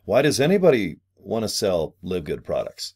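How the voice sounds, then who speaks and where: A man talking casually to camera as a marketing affiliate, animated and salesy, acting out quotes and laughing now and then. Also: deep voice, normal speed, breathy edge.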